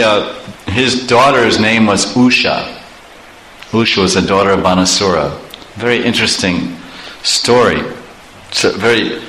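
A man preaching in an animated storytelling way, chuckling often. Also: fairly low pitch. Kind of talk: storytelling sermon. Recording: echoey room, faint background noise.

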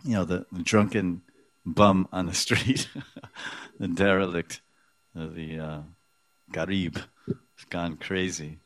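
Low-voiced man giving a devotional talk. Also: steady tone, takes it slowly, pauses often, a bit bright, no room sound. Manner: storytelling, acts out quotes, chuckles often; sprinkles Sanskrit and Hindi terms. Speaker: religious teacher. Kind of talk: devotional lecture.

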